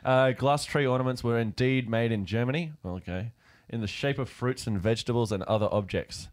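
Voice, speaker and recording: A man co-hosting a podcast, reading notes aloud with plenty of ums and uhs and easy laughter. His voice is of middle pitch and sounds relaxed and unhurried. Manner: laughs often, hesitant with fillers while reading. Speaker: podcast co-host reading the research. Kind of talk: casual comedic chat.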